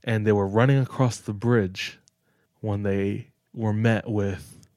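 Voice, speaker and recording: Low-voiced laid-back man telling a story. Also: steady tone, slow, darkish tone, no room sound, studio quality. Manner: laid-back storyteller, says "like" and "dog" a lot. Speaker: podcast co-host. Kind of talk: casual chat.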